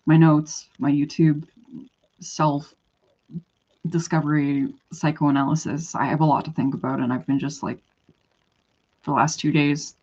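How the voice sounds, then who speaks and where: A young woman from western Canada telling a long personal story in a casual vlog, chatty and animated, acting out what people said. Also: deep voice. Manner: animated, chatty, full of "like" and quoted dialogue. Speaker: vlogger. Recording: dull lo-fi recording.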